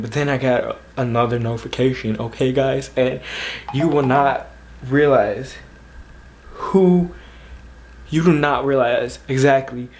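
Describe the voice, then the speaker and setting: A man's voice: mid-range voice, a little hiss or hum. A man vlogging at home late at night, gushing and repeating himself as he talks straight to his viewers. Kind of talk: excited reaction vlog.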